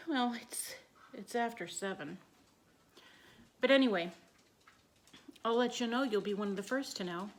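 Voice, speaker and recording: A woman's voice: mid-range voice, fairly bright tone. A woman chatting casually to her camera in a rambling, friendly way, with many fillers. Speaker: vlogger.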